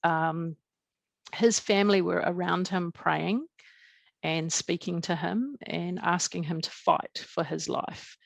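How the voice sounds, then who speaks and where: Creaky low-pitched New Zealand woman. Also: no room sound. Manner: earnest, halting storytelling with many fillers and restarts. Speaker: podcast guest. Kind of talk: recounting a personal experience in an interview.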